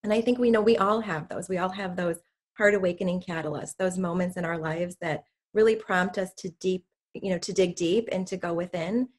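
A woman's voice: lowish voice, steady tone, fairly quick. A middle-aged woman hosting a podcast, talking earnestly and repeating words as she builds her point. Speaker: podcast host. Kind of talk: casual interview chat.

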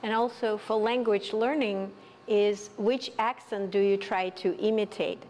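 A woman, a professor, telling anecdotes in a lively way during a lecture. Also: medium pitch, measured pace. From Russia. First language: Russian. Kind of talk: lecture discussion. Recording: reverberant hall, faint noise.

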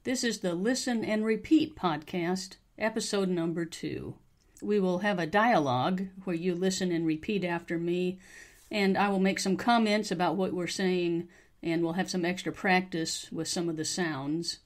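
An American woman with a mild Southern accent, hosting a podcast pronunciation lesson, repeating phrases slowly and carefully for learners to copy. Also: fairly low pitch. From United States. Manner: slow, careful modeling of phrases, repeated for practice. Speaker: English teacher, podcast host.

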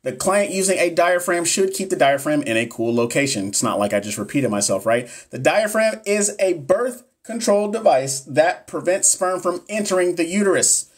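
A man's voice: high-pitched, expressive, normal speed, few pauses. A man tutoring nurses on a live stream, going through exam questions in a casual, hyped-up way and swearing freely. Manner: casual, profane, hyped-up talk to viewers.

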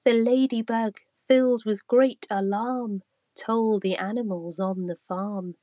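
A woman reading a rhyming children's story aloud, slow and expressive. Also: mid-range voice, no echo.

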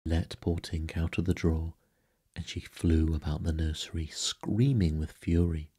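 A man narrating a bedtime sleep story in a soft, hushed way, sometimes whispered. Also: very deep voice, fairly even intonation, unhurried, slightly rough.

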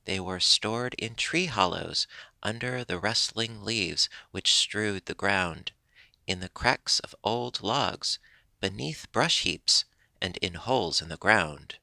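Male narrator for a children's storybook, bright, gravelly and warm-paced. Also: fairly low pitch, dry recording. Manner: gentle, measured storytelling.

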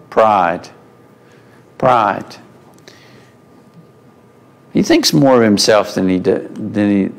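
A man leads a church Bible class at an unhurried pace. He talks in a folksy, conversational way and puts questions to the class. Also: mid-range voice, creaky. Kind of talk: mid-week Bible class lesson.

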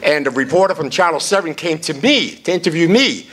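A man's voice: fairly high pitch, expressive, brisk, fairly bright tone, slight background noise. A man chairing a party event, giving a blunt, salty, off-the-cuff rally speech.

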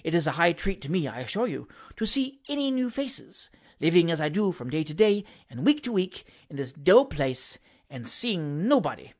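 A reader voicing a sharp-tongued, domineering middle-aged wife who speaks curtly and scornfully, lower and quieter than the narration. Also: big pitch swings, moderate pace.

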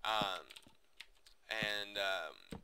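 A man's voice: lowish voice, big pitch swings, very slow, gravelly, pushed and bright, slight background noise. A young man from the United States chatting casually to viewers over his gameplay, rambling with many fillers and restarts. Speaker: gaming video host.

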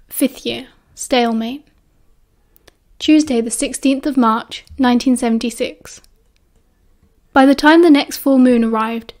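A British woman reading a novel aloud as an audiobook narrator, in an even storytelling manner. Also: a little high. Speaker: audiobook reader.

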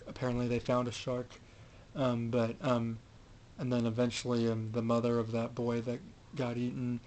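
A man's voice: mid-range voice, monotone, normal speed, poor audio. A man giving a casual, rambling recap of a film, with many fillers and restarts. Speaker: film reviewer.

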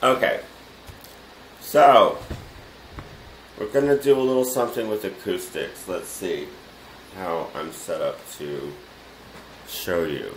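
A man's voice: low-pitched, slow pace, pauses often. A man teaching the basics of audio in a casual way, laid back and chuckling often as he talks from his home studio. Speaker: DJ and music production teacher. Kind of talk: casual spoken lesson. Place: home studio room with computer. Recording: roomy room echo, faint noise.

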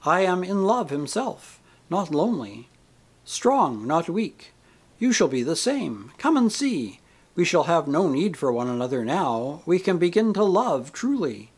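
A man voicing a radiant, saintly woman spirit who speaks tenderly and with gentle teasing in a storybook reading. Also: a little high, sing-song, unhurried, slightly rough, pitched above the performer's own voice, heavily acted. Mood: earnest.

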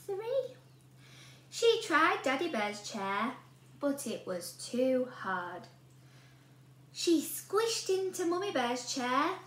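A woman teacher reading a storybook aloud to children in an animated way, often asking the listener questions. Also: high voice. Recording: roomy room with a faint hum.

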